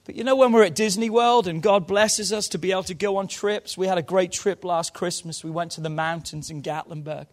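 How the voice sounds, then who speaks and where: A man preaching a sermon in a church service, moving fervently from quiet low asides to loud shouted calls. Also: brisk, few pauses. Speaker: pastor.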